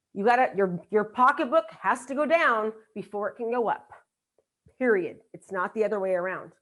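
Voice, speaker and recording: A middle-aged woman with a slightly high voice speaks as a business coach at a live event. She talks emphatically and drives her points home by repeating them. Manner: emphatic, repeats key lines for effect. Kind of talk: motivational seminar talk.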